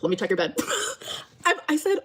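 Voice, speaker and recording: A woman's voice: high-pitched, wildly swooping pitch, normal speed, a bit bright. A woman telling a rambling story to camera in a casual vlog, full of fillers and acted-out quotes.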